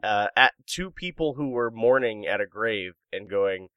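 This man hosts a comedy podcast, chatting casually as he reads out news stories and cracks jokes and puns. His voice is lowish, animated and a little slow, with a clean tone, though the recording is dry and dull.

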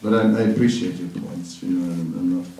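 A man's voice: low-pitched, steady tone, fairly quick, mellow. A man giving a devotional talk, earnest and reassuring, repeating words for emphasis. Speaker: spiritual teacher. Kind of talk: devotional talk answering a question. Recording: echoey room, distant mic, faint noise.

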